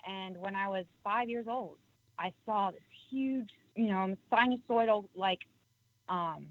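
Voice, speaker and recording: A woman's voice: medium pitch, no echo, muffled recording. A woman phoning in to a radio show, telling a story hesitantly with many ums. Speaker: caller. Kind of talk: phone-in storytelling.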